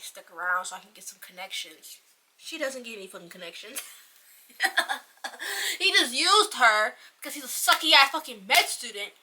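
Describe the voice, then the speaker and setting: A woman giving a casual, profane, rambling book review in an animated ranting manner. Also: high voice.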